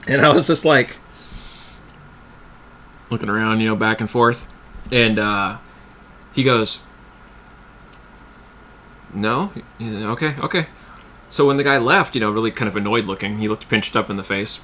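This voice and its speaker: A man's voice: on the low side, normal speed, pauses often, bright, forceful tone, slight background noise. A young adult man casually telling rambling anecdotes on a livestream, slipping into quoted voices. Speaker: livestream host. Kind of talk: casual storytelling.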